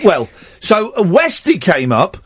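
A man's voice: sits high, wildly swooping pitch, unhurried, husky, dry recording. A man hosting a radio show in a studio, talking in a rambling, jokey and self-mocking way. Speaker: radio host. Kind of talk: casual radio chat. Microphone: studio mic.

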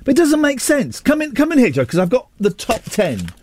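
A man's voice: extremely high pitch, wildly swooping pitch, fairly quick, no echo. A man hosting a radio show in casual banter, playful and self-mocking. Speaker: radio host. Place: radio studio.

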